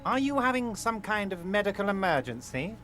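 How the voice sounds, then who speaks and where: A man's voice: high-pitched, sing-song, brisk, a bit bright, soft background music. A man voicing a fawning middle-aged union boss who talks in an oily, overly reassuring, theatrical way. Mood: smarmy. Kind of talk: fan voice acting of a game.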